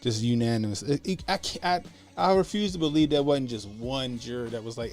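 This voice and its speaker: A man's voice: medium pitch, brisk, faint music behind. A man hosting a casual livestream, talking in laid-back slangy banter and laughing often. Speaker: livestream host.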